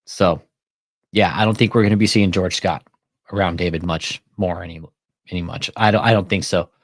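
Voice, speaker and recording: A man with a fairly low voice chatting casually as a commentary host, recorded dry and close. He swears often and tells his story by acting out both sides of a phone call. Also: steady tone, fairly quick, no room sound. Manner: profane, retells phone calls with quoted dialogue.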